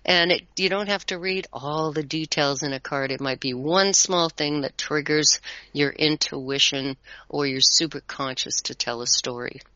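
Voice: mid-range voice, pushed and bright, no echo, highs cut off. Chuckling, rambling tarot reader. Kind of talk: casual conversation.

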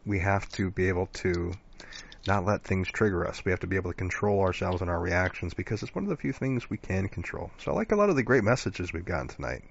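A man's voice: low-pitched, expressive, fast, creaky, dull audio. A male show host in casual live-stream chat, affirming and rambling with many fillers.

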